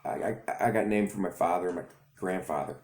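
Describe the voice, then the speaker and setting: A man's voice: low-pitched, a little mellow, slight background noise, lightly acted. A man voicing a shy young boy who stutters and stumbles over his own name. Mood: anxious. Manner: halting stutter. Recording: echoey room.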